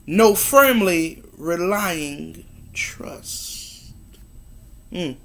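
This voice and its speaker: A woman reads scripture aloud at an unhurried pace, humming small affirmations between the verses. She then preaches earnestly to her listeners, repeating key phrases for emphasis. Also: medium pitch, expressive, a bit bright. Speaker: devotional speaker. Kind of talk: Bible reading and encouraging sermon.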